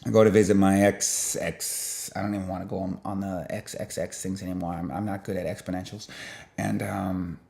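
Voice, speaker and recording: Rambling young man, slightly low voice. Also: brisk, vocal fry. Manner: rambling, peppered with "blah blah" and "boom"; animated, jumps in loudness while retelling. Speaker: vlogger. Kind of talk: casual rambling storytelling.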